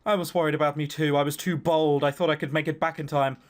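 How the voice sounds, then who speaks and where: A gentle young woman, worn out and barely recovered, speaking softly, as a man reads her lines. A visual novel game character. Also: on the high side, flat delivery, quick pace, lightly acted. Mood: weak. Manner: quiet, soft.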